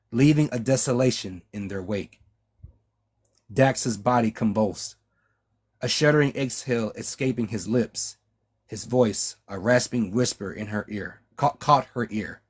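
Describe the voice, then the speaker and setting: A male author reads his own novel aloud at a slow, deliberate pace, often stopping to restart a word. His voice sits at an ordinary middle pitch for a man, and he drifts into casual chat with his listeners. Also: husky. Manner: measured reading with frequent restarts.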